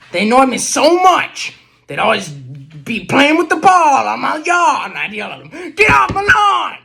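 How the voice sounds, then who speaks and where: Someone doing a shouting grumpy old man. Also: medium pitch, creaky, heavily acted. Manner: cranky, shouting outbursts. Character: grumpy old man ranting about his lawn. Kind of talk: amateur comedy sketch acting.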